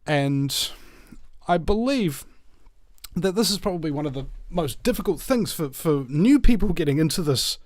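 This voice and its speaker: A man with a New Zealand accent hosting a radio show, rambling and halting with many fillers and restarts. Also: a little high, expressive, darkish tone, no room sound, studio quality. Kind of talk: casual radio monologue.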